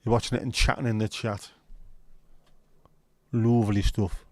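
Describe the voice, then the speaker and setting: A man's voice: lowish voice, little pitch movement, normal speed, dry recording. A man hosting a livestream, chatting casually with his viewers in banter full of swearing. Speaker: livestream host. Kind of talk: casual chat with live viewers.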